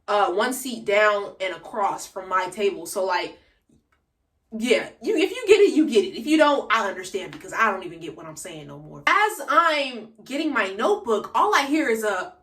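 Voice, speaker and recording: Teen girl, chatty storytime vlog, bright lively voice, echoey room, a bit away from the phone mic. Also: mid-range voice, normal speed, distant mic. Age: late teens. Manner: chatty, slangy storytelling, addresses viewers directly. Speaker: vlogger. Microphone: phone camera.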